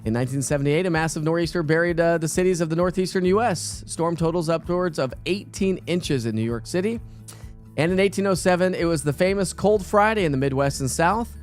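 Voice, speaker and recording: Chatty weatherman, slightly high voice. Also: brisk, faint music behind. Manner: chatty, rambling, filler-heavy. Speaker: TV weather forecaster. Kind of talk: casual morning weather show.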